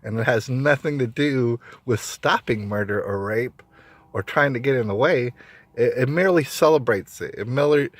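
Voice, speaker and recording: A man delivering an opinionated monologue straight to his audience, emphatic and repetitive, circling back on his points and restarting sentences. His voice sits mid-range for a man, and the recording is dry and close with no room echo. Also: medium pitch. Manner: emphatic, repeats himself, frequent restarts. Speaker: vlogger.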